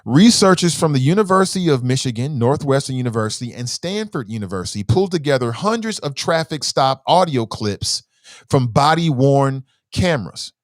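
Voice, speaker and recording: A man's voice: mid-range voice, expressive, moderate pace, no room sound, clean studio sound. A man hosting a casual news commentary show, chatting and asking viewers questions.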